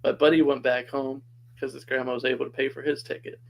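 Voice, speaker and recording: A man's voice: mid-range voice, flat delivery, fast, vocal fry, a little hiss or hum, poor audio. A man casually telling a personal story as a podcast guest, chatty and laughing often.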